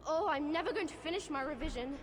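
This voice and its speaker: A woman's voice: sits high, expressive, quick pace, a crowd in the background. A woman playing a nervous schoolgirl in a game, fretting about her studies. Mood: anxious. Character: anxious schoolgirl student.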